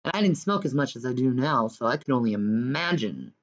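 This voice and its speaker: A woman in loose, rambling, profane chat, swinging from loud sing-song taunts to low mutters, on dull lo-fi audio. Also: lively intonation, brisk. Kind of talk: casual rambling commentary.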